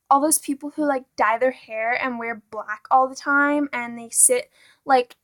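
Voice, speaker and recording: A woman's voice: sits high, fairly bright tone, no echo. A girl mimicking a nosy, clueless popular teen girl. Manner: prying, drawn-out questioning.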